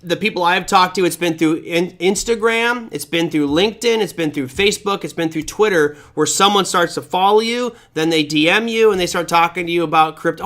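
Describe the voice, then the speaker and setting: Brisk and barely pausing, a man with a voice that sits high hosts a live online class about trading crypto. He shares his screen and chats energetically, reading viewer comments aloud.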